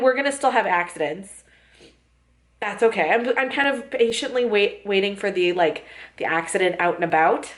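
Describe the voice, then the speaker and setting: A woman's voice: on the high side, a bit bright. A young woman vlogging in casual chat, chatty, laughing often and putting on voices when she quotes people.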